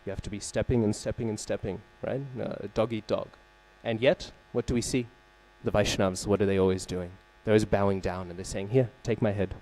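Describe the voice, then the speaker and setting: A man giving a scripture class at a temple, telling a story in a conversational way, often asking "right?" and pausing to search for names and terms. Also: lowish voice, steady tone, a little mellow. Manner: conversational, frequent "right?" check-ins and fillers. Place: temple hall.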